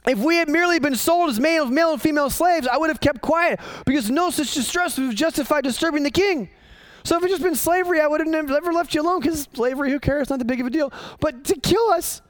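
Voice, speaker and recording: A man's voice: very high voice, fast talker, dry recording, voice pushed up. A man voicing a desperate young queen begging for her life and her people, in an earnest, dramatic retelling. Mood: indignant.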